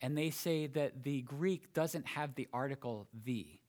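A man preaching a sermon, explaining a passage phrase by phrase with emphatic pauses and small restarts. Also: mid-range voice, a little mellow.

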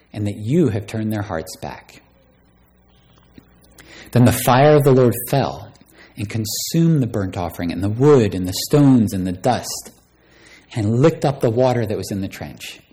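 A man's voice: medium pitch, dark tone. A man preaching a sermon, reading scripture aloud and raising his voice dramatically on the quoted lines. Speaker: pastor.

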